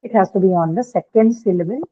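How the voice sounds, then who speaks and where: The clip captures a woman giving a classroom lecture on word stress in English, patient in her explanations and attentive to her students. She talks fast in a medium-pitched voice, and the sound is low-fidelity, phone-like classroom audio.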